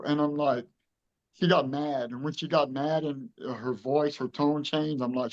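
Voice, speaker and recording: A man's voice: medium pitch, fairly even intonation, measured pace, lo-fi sound. A man in his fifties from Louisiana, telling his story in an interview with earnest emotion and acting out the dialogue. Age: 50s. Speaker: truck show director being interviewed.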